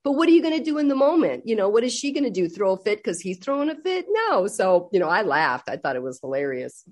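An older woman chatting as a guest on a talk show. She tells family stories in an animated way and acts out the voices of the people in them. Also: mid-range voice, fast talker. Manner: animated storyteller acting out quotes. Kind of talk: casual chat.

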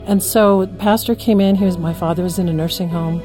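A woman telling an earnest, gentle personal story of faith. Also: lowish voice, fairly even intonation, brisk, soft background music. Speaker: teacher. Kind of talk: personal testimony.

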